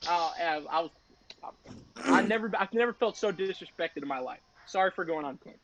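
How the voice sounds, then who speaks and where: Teen guy, high voice, lo-fi mic, heated rant storyteller. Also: animated, fairly quick, a bit bright. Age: teens. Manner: storytelling, swearing often, heated and ranting. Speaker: podcast co-host. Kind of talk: casual chat. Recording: dull lo-fi sound.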